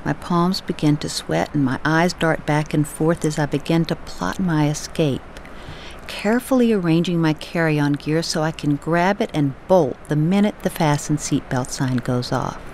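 A woman from the United States narrates her personal essay in a measured, lively storytelling read. Her voice sits slightly low and moves through a wide, animated range of pitch. A faint background noise runs beneath the recording.

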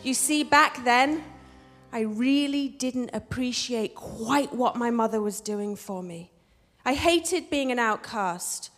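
An English woman with a high voice tells a wry personal story on stage. Her words ring out in a long, echoing hall, with faint music underneath. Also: takes it slowly. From England. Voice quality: wry, expressive, switches between posh and street voices.

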